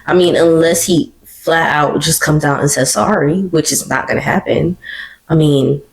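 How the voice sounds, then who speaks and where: A woman hosting her own podcast, talking alone in an animated, emotional and slangy way. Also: low voice, normal speed, gravelly, poor audio. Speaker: podcast host. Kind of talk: casual solo commentary. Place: living room.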